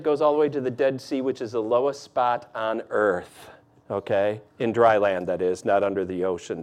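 A pastor with a medium-pitched voice preaches a sermon, first reading scripture and then unpacking it conversationally. He tosses asides to the congregation along the way.

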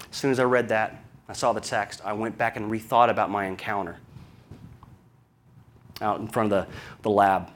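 A man's voice: lowish voice, a little hiss or hum. Southern man preaching a conversational sermon. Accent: Southern American. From American South. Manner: conversational storytelling, asks rhetorical questions. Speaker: pastor.

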